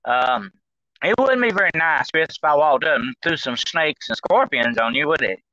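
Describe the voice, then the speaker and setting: A man's voice: a little high, animated, moderate pace, bright, forceful tone, highs cut off. A man talking as a guest on a call-in style show, rambling, with many fillers and restarts. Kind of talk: casual talk-show discussion.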